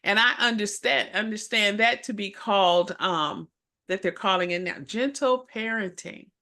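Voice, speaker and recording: Bright-voiced animated storytelling woman. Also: mid-range voice, normal speed. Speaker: co-host and minister. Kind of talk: casual storytelling chat.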